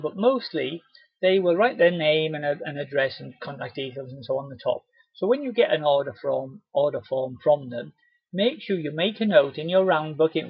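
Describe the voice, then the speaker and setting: Male presenter, chatty and encouraging, husky and dry, webinar mic. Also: fairly high pitch, dry recording. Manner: chatty, encouraging, acts out cheery doorstep greetings. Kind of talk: live webinar training. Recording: dull, lo-fi webinar audio.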